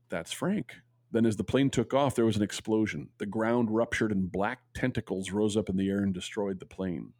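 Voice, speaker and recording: A man's voice: fairly low pitch, darkish tone, dry recording. A man co-hosting a talk show, reading a listener's letter aloud and telling stories, earnest, with stammers when he ad-libs. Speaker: podcast co-host.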